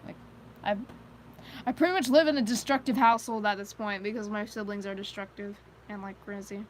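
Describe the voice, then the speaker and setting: A woman's voice: medium pitch, steady tone, a little fast, slight background noise, low-quality recording. A woman chatting casually on a live stream, rambling from thought to thought with plenty of "like" fillers and nervous little laughs. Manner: rambling, heavy use of "like" fillers; nervous self-conscious laughter between thoughts.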